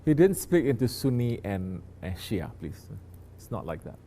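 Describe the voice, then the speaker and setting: A man's voice: mid-range voice, big pitch swings, normal speed, mellow, slight background noise. A man, a sheikh, teaching his disciples in a conversational sermon, often turning to ask listeners if they understand.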